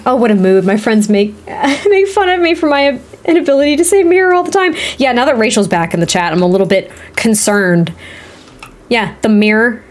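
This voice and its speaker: Thirties woman streamer, higher-pitched, giggly and rambling, casual talk over gameplay. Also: expressive, a little fast. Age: 30s. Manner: giggly, rambling, laughs often. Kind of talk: casual livestream chat while playing.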